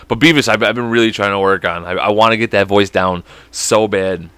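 Rambling, profane young podcast host. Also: male voice, on the low side, expressive, creaky, sharp tone, no room sound. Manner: profane, rambling, quick laughs. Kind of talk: rambling casual chat.

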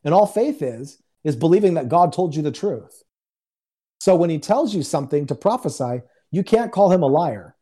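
Mellow-voiced man telling a testimony. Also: a little high, lively intonation, normal speed. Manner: conversational, acts out dialogue in quotes. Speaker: guest minister. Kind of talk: storytelling testimony.

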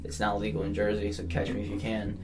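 A man's voice: lowish voice, monotone, fast talker, a little mellow, faint music behind. A young man on a casual podcast, telling a long story with a lot of animation, quoting people in changing voices and laughing often. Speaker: podcast guest.

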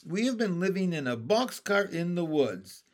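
A man reading aloud, voicing an excitable young girl in a storybook. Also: sits high, normal speed, pitched above the performer's own voice. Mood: excited. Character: excitable young girl, caring older sister.

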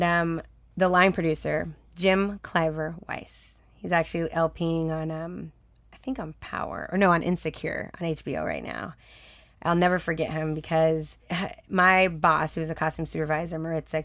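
A lively young woman with a fairly low voice tells a personal story in relaxed conversation. She laughs often and slips into the voices of the people she quotes. The recording is dry and close, with no room sound. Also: dry recording. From Texas. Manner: chatty, animated, laughs often, acts out quoted dialogue. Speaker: guest.

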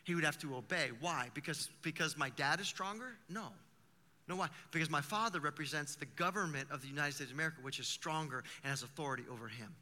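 A man preaching a sermon as pastor, talking in an animated, conversational way with vivid everyday examples. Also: a little high, quick pace, big-room sound.

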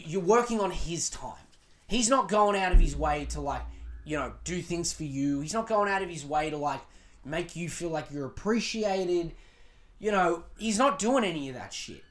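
A man hosting a podcast, giving relationship advice in a blunt, profane, emphatic rant. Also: sits high. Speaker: podcast host.

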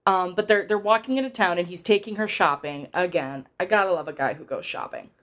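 A woman with a slightly low voice talks through a film's plot in easygoing podcast chat. She rambles, hedges with fillers and circles back as she goes. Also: a little fast, fairly bright tone. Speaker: podcast co-host. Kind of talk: casual film-review chat.

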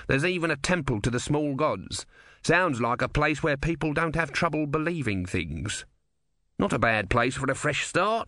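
A man's voice: medium pitch, a bit bright, dry recording, pitched above the performer's own voice. A man voicing a small god stuck as a tortoise, talking in a dry, worldly, scheming way in a storybook reading. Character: small god trapped as a sardonic male tortoise.

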